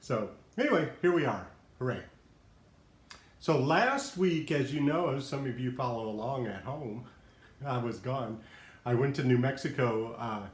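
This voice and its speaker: A man hosting a casual live stream from home, out of breath, chatty and laughing often as he rambles. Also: medium pitch. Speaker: livestream host. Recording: echoey room.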